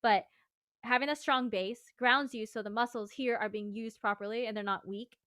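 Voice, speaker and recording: Woman coaching vocals, rambly and friendly, a bit high, bright and crisp tone. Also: fairly even intonation, normal speed, no echo, clean studio sound. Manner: chatty, rambling explanations with fillers. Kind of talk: casual vocal lesson.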